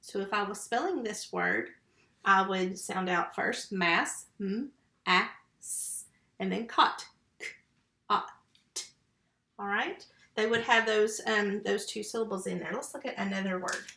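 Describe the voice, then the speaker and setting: A woman teaches first grade phonics from home in a medium-pitched, bright and forceful voice at a moderate pace. She sounds out letters and syllables patiently, one by one, into a computer mic, and the room has an echo.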